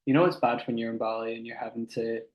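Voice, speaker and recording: Flat-toned man chatting, echoey room. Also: mid-range voice, quick pace, highs cut off. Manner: relaxed, conversational, backs up his partner. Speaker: podcast co-host. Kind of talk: casual chat.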